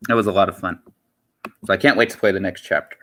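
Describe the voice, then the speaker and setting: A male streamer talks loosely to his viewers, wandering from point to point and repeating himself. His voice sits a bit low, yet it has a bright, forceful edge. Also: steady tone, fast talker, slight background noise. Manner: rambling, repeats himself, many "you know" fillers. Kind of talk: casual livestream chat.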